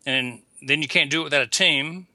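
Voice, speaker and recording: A man, a dentist guest talking in a folksy, unhurried way. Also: on the high side, sharp tone, dry recording. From Atlanta, Georgia. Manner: folksy, unhurried, with frequent restarts. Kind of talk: casual interview talk. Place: visiting abroad, remote call.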